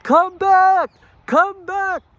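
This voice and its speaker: Man playing a needy lazy past self, high, loud and wheedling. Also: moderate pace, no room sound. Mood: yelling. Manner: begging, wheedling, repetitive. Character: pleading lazy past self, male, clingy.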